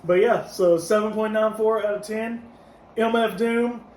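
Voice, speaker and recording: A man's voice: high voice, measured pace, far from the mic. A man co-hosting a casual podcast, reviewing an album track by track and giving scores out of ten. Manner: relaxed, gives scores out of ten, laughs easily. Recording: echoey room, mic set back, faint noise.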